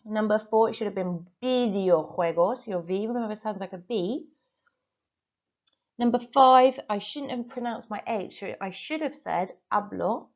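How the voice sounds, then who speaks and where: Woman, Spanish teacher, slow careful dictation, medium pitch, muffled lo-fi recording. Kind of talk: recorded video lesson with dictation.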